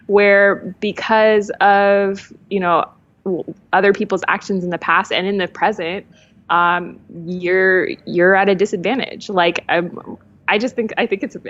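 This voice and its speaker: A woman's voice: mid-range voice, muffled recording. A woman guest talking candidly in a casual conversation, laughing often and shifting her pace. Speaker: podcast guest.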